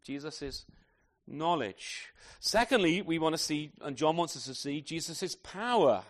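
Man preaching a sermon with a slightly high voice; emphatic, asks the congregation questions. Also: animated, unhurried. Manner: emphatic, with frequent rhetorical questions; addresses children in the congregation.

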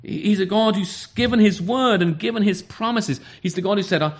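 A man's voice: high-pitched, fairly quick, few pauses. A man preaching a sermon, earnest, often repeating words and asking rhetorical questions.

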